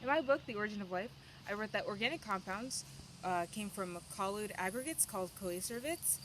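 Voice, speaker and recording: A woman's voice: medium pitch, lively intonation, fairly quick, lightly acted. A teenage girl playing a proud, self-satisfied Soviet male scientist in her own plain voice, in a homemade comedy sketch on a noisy recording. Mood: smug. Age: late teens. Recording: noisy home video recording.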